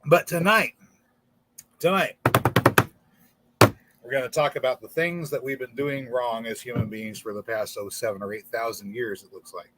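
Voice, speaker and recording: A man's voice: medium pitch, fairly even intonation, moderate pace, long pauses, noisy background. A man hosting a casual livestream in front of a green screen, rambling and stumbling over repeated words. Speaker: channel host.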